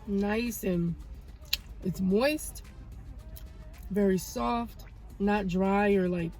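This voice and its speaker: Woman vlogger in her 30s, kinda gravelly voice, chatty storytelling, faint music under it. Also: medium pitch, very slow. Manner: animated storytelling, praises God. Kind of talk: casual chat.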